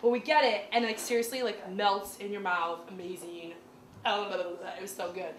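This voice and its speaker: A woman doing stand-up storytelling in a small comedy club, chatty and animated, full of "like" fillers. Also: medium pitch, fairly quick. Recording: echoey club room with crowd noise.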